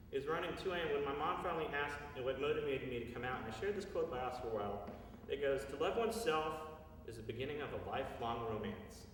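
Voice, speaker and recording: At a live storytelling show, a man in his thirties shares a personal story in an earnest, confessional manner. His mid-range voice is picked up from far off in an echoey hall, with slight background noise.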